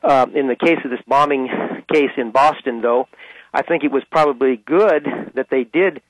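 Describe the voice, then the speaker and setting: A man calling in to a radio talk show, measured and thoughtful. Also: medium pitch, no echo, rough recording. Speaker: caller.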